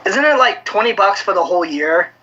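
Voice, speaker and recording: A man co-hosting a casual gaming podcast, talking in an animated, profane way and bursting into shouts. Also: high-pitched, brisk. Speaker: podcast co-host. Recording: dull lo-fi audio.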